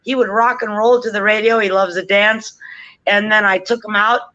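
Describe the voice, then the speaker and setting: A woman's voice: medium pitch, steady tone, moderate pace, pushed and bright, dull audio. A woman telling a casual story, chatty and swearing freely, often laughing. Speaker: forum regular.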